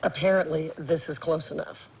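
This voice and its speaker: A woman's voice: low voice, steady tone, normal speed, creaky, darkish tone, slight background noise, rough recording. An actress playing a tough, sarcastic female police detective in a TV drama. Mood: defiant. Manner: defiant, sarcastic.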